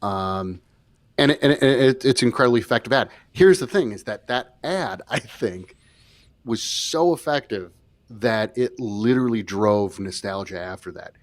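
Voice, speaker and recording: A man co-hosting a casual podcast discussion, talking emphatically, cutting in on his partner and trailing off into low fillers. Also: normal speed, dry recording. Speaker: podcast co-host.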